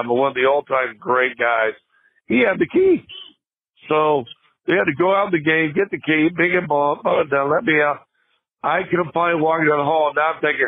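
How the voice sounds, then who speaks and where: An older man, a guest on a podcast, telling a funny story in casual chat, with lots of restarts and laughter. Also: a little high. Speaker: podcast guest, former basketball player. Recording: tinny phone-line sound.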